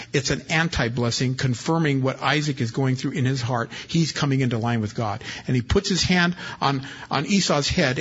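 Husky folksy pastor preaching. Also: male voice, mid-range voice, fairly bright tone. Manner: folksy country-preacher style, reads scripture then explains it. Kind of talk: expository sermon. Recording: dull lo-fi recording.

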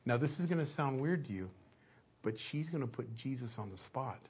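A man's voice: mid-range voice, lively intonation, moderate pace, darkish tone, slightly rough. A middle-aged man preaching a sermon in a conversational, storytelling way, acting out little asides as he goes.

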